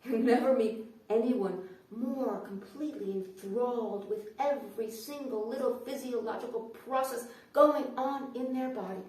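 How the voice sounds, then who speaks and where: A woman performing a sarcastic stand-up comedy monologue, swinging from hushed asides to loud outbursts. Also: fairly high pitch, heavy reverb, far from the mic.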